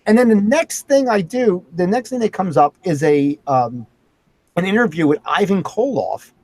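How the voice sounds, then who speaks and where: Male talk host, higher register, excited storyteller, dry close recording. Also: moderate pace, no echo. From Philadelphia area. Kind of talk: casual chat.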